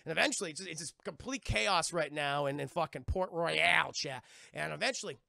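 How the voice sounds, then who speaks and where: A young man streamer rambles through a movie recap for his chat, swearing freely. His voice sits high and is thick with vocal fry and a bright, tense edge. The sound is dry and close. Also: fairly quick, no room sound. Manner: profane, rambling, animated storytelling.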